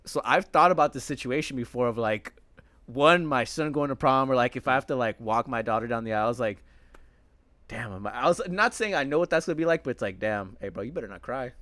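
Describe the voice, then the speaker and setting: A man's voice: mid-range voice, brisk, a bit bright, no echo. A man co-hosting a podcast, rambling in casual chat and swearing freely. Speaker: podcast co-host.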